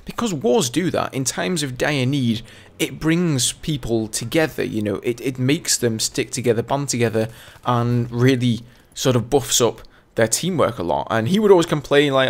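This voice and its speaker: A man's voice: medium pitch, lively intonation, normal speed. A young man from England with an English accent, a gaming channel host telling a casual story in a chatty, rambling way. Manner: chatty and rambling, full of "you know".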